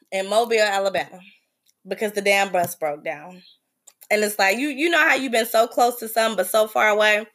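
A woman hosting a podcast, telling a travel story in a blunt, profane, animated way. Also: mid-range voice. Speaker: podcast host. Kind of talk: casual storytelling.

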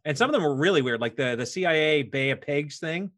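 A man's voice: a little high, animated, fast, fairly bright tone. A man co-hosting a casual podcast, lecturing on history with jokes. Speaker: podcast co-host.

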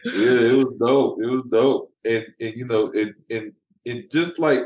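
A man's voice: mid-range voice, measured pace, darkish tone. A man, a comic book writer, chatting casually as a podcast guest and often repeating words as he finds his thought. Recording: echoey room.

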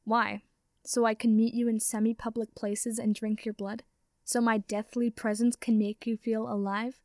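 A woman's voice: on the high side, level tone, moderate pace, a little mellow, no room sound, studio quality, close to an everyday voice. Malfoy, a sneering vampire lad, read by a woman. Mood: scornful. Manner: sneering, sarcastic. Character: scornful young male vampire, prickly and defensive.

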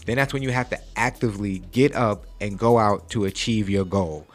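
A man's voice: fairly low pitch, moderate pace, faint music behind. A man in his forties hosting a podcast, giving a preachy motivational talk and often checking in with "okay?". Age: 40s. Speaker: podcast host. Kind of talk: casual podcast chat.

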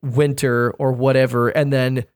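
A man's voice: medium pitch, little pitch movement, measured pace, smooth. A man co-hosting a podcast, telling stories in casual chat, emphatic and profane. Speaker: podcast co-host.

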